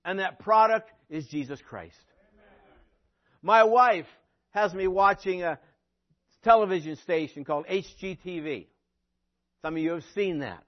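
High-voiced preaching pastor, lo-fi. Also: male voice, unhurried, long pauses. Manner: preachy, rising to emphatic peaks, dry sarcastic asides. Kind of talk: sermon.

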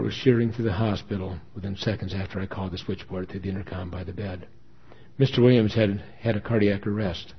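A man's voice: deep voice, fairly even intonation, a little fast, slightly rough. A man reading a dramatic first-person story with earnest emotion. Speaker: story reader. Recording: dull lo-fi recording.

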